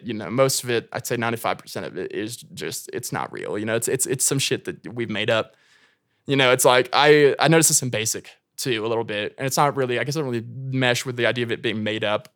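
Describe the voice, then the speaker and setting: A man's voice: mid-range voice, a bit bright, dry recording, clean studio sound. A young American man talking casually as a podcast guest, rambling with lots of filler words and swearing. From United States.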